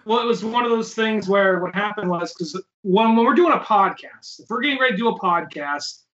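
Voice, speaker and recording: A man's voice: sits high, lively intonation, brisk, a bit bright. A man co-hosting a podcast in casual chat, telling rambling stories and swearing freely. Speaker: podcast co-host. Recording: dull lo-fi call audio.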